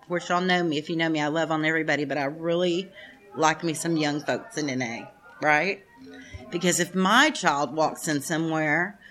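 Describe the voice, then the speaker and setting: A woman's voice: sits low, a bit bright. A woman in her fifties giving a frank, personal testimony to a group at a recovery meeting, talking straight to the room, swearing and laughing often. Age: 50s. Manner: addresses the room directly. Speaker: speaker sharing at a recovery meeting.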